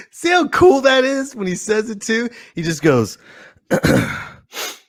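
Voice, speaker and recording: Lively, joking male podcast host. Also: extremely high pitch, takes it slowly, dry recording, studio quality. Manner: playful, jokey, animated. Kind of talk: casual livestream podcast chat.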